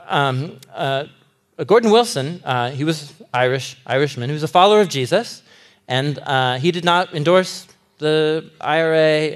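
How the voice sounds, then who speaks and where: A man in his thirties preaching a sermon to a live audience, animated, laughing often and acting out characters' lines. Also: a little high. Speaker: pastor.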